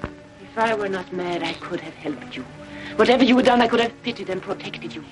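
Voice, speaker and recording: A woman's voice: medium pitch, fairly quick, soft background music, natural voice. An actress playing a betrayed wife who turns on her deceiver with bitter scorn, in 1940s film acting, heard from an old soundtrack. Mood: bitter triumph.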